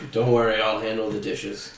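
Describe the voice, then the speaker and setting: A man playing a cocky, boastful uncle in an improvised comedy scene, with a deadpan delivery. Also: lowish voice, normal speed, lightly acted. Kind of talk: improv comedy role-play. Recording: distant echoey room with faint noise.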